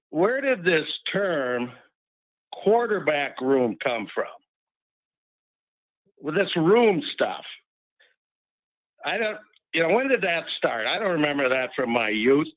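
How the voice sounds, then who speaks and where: Chatty man phoning in, a bit high. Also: big pitch swings, slow, long pauses, fairly bright tone, no room sound, low-quality recording. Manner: chatty, wry, rambling with restarts. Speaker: regular caller. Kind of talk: call-in sports chat.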